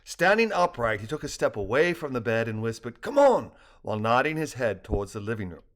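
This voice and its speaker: Older man reading a story, lively pitch. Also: quick pace. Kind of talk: reading his own story aloud.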